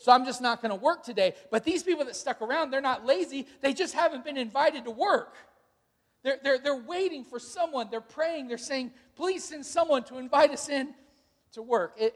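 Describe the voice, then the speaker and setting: A man in his thirties preaching a sermon, telling stories and acting out quotes with sudden shouts. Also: very high voice. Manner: storytelling, animated retellings with shouted quotes. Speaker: pastor. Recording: long hall reverb.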